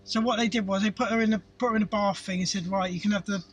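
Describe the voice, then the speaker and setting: A man's voice: high voice, fairly even intonation, very fast, recorded from a distance, slight background noise, low-quality recording. A middle-aged Englishman telling crude, sweary stories and laughing in casual chat, recorded in a parked car. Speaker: podcast co-host.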